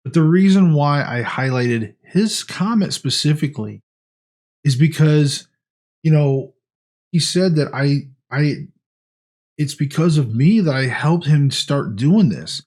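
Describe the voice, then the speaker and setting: A man's voice: fairly high pitch, lively intonation, slow, darkish tone. A man talking casually in a diet vlog, earnest and rambling with frequent restarts. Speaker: vlogger.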